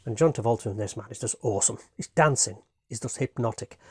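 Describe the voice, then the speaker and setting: A man's voice: medium pitch, fast, slightly rough, no echo, clean studio sound. Rambling, enthusiastic British man. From Britain. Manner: enthusiastic, rambling, says "man" and "you know what I mean". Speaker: home movie reviewer. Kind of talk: casual video review.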